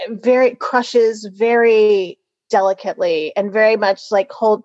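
A woman's voice: medium pitch, no room sound, muffled recording. A woman co-host telling a dating story in casual chat, candid and laughing, swearing freely. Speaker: podcast co-host.

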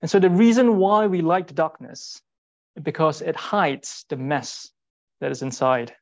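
A man giving a sermon in an earnest, rhetorical way, repeating short phrases and pausing for weight. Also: on the high side, muffled recording. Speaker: speaker giving a Bible talk.

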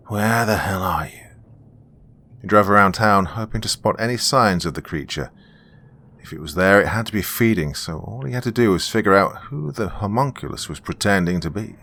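Male narrator, deep voice, horror story, steady.

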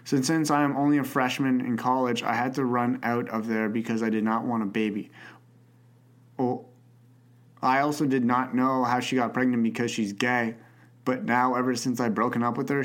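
A young man hosts a casual advice podcast, answering listener questions. He hesitates often, repeats his words and restarts his sentences. His voice sits at an ordinary, mid-range pitch for a man. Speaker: podcast host.

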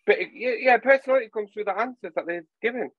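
A man from England chatting casually on a podcast, animated and telling stories while acting out voices. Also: sits high, fast talker, highs cut off. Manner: animated storyteller, acts out voices. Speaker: podcast guest. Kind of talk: casual chat.

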